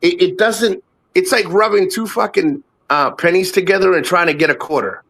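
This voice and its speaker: A man's voice: sits high, moderate pace, vocal fry, a bit bright. A man in his fifties from the United States, a guest on a casual live chat, talks in a rambling, profane way and often repeats himself. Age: 50s.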